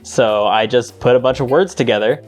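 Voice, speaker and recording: A man co-hosting a podcast in casual chat, relaxed and rambling, laughing often. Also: mid-range voice, normal speed, faint music behind. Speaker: podcast co-host.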